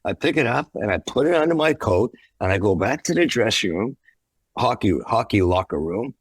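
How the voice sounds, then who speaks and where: Brief: male guest musician telling a tour story, animated and expressive, dry close sound. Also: fairly low pitch, normal speed, husky, no room sound. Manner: animated, acts out the voices in his stories. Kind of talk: anecdotal storytelling.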